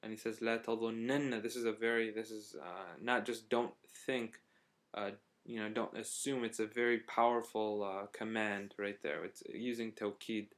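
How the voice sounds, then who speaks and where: A man's voice: fairly low pitch, steady tone, normal speed, fairly bright tone. A young man from Syria telling a casual spoken travel diary, rambling and hesitant, with frequent fillers and restarts. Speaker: vlogger.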